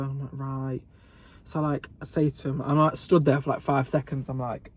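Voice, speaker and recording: A man's voice: mid-range voice, little pitch movement, normal speed, slightly rough. A young man vlogging, telling a gossipy story in a sweary, sarcastic way and laughing often, filmed on a phone camera. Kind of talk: casual storytelling mukbang.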